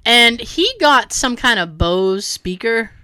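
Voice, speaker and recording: A woman with a high, bright voice tells a story in a loose, casual chat. She swings her pitch widely and acts out every quote, swearing freely along the way. The sound is dry and close. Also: lively intonation, slow pace, clear, resonant tone, dry recording.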